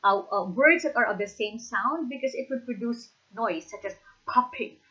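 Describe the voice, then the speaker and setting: A woman's voice: a little high, normal speed, pushed and bright, lo-fi sound. A woman teacher with a Filipino accent, giving an instructional lecture and checking in often with the listeners. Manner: emphatic, repeats "okay?" to check understanding.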